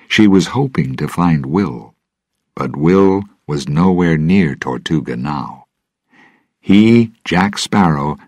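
A man narrating a storybook in a measured, even reading. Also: low voice, no room sound, clean studio sound.

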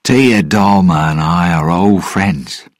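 A man voicing a sly, nervous male pirate captain in a storybook reading, speaking in a raised, bright tone that tries to sound cheerful. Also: low voice, breathy edge, dry recording, studio quality, voice pushed up, heavily acted. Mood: scheming. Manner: quick, cheerful, trying to sound happy.

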